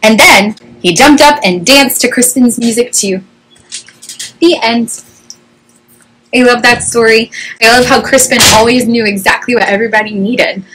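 Animated woman reading a children's story. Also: a little high, moderate pace, a little hiss or hum, poor audio. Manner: animated, expressive. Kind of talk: children's read-aloud.

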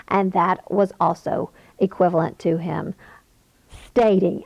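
An earnest woman lecturing at a Bible study, leaning on key words with emphasis. Her voice carries a gravelly, fry-touched texture. The recording is dull and lo-fi, with a dry, close sound. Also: on the low side, steady tone, slow, long pauses, darkish tone, dry recording. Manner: earnest, emphatic teaching with occasional laughs. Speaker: women's Bible study teacher.

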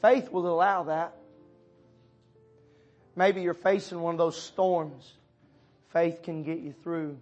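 A man preaching in a church, his voice sitting high for a man. He moves between loud, pressing appeals and near-whispered lines, talking straight to people in the pews. Soft music hums faintly underneath. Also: level tone, takes it slowly, pauses often, dull audio. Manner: preaching with wide swings from loud urging to hushed tones; addresses listeners by name as brother and sister. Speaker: pastor. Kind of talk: sermon.

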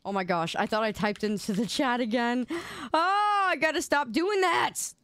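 A young adult woman streamer chatting casually on a live stream, playful and excitable, quick to laugh. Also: on the high side, clean tone, dry recording. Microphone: desk microphone.

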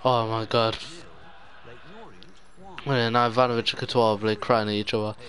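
Glum young gamer muttering. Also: male voice, fairly low pitch, level tone, moderate pace, fairly bright tone. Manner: despairing, muttering, sudden outbursts. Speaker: gaming YouTuber. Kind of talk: live gameplay commentary.

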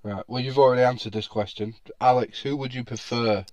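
A man's voice: mid-range voice, fairly even intonation, a little fast, darkish tone, no echo, lo-fi sound. A man hosting a casual football podcast, chatty, laughing often and full of fillers. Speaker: podcast host.

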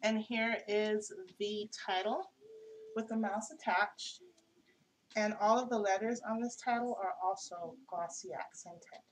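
Casual craft-tutorial host, a woman with a medium-pitched voice, chatty and self-correcting, over faint background hiss. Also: fairly even intonation, a little slow, poor audio. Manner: chatty, homey, corrects herself as she goes.

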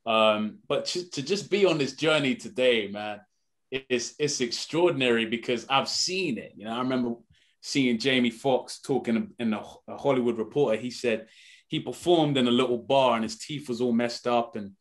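Speaking at a normal pace with a mid-range voice, a young man from the United Kingdom appears as an actor guest on a radio morning show. The casual interview takes place in a radio studio, and he talks earnestly and animatedly, often using the word "man."

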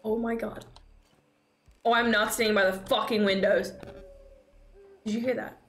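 In an echoey room with faint noise, a young woman gives casual commentary while streaming a horror game. Her voice is a little high, with little pitch movement and a measured pace. She curses and shrieks with laughter whenever something scares her.

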